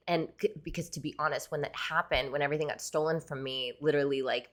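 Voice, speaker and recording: A woman with a low voice recounts a personal story on her podcast. She talks casually and animatedly, scattering fillers through her sentences. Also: fast, hardly any pauses. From United States. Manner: chatty, animated, many fillers like "like" and "you know". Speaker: podcast host, tattoo artist.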